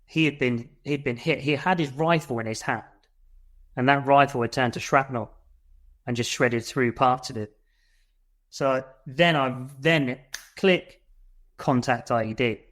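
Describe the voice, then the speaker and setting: Blunt ex-soldier telling a war story. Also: male voice, mid-range voice, unhurried, pauses often. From United Kingdom. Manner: blunt and swearing, re-enacts his shouts. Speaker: military veteran guest.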